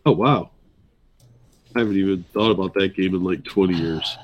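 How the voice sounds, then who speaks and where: A man in a casual group chat, wry and pausing to search for words. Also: deep voice, lo-fi sound.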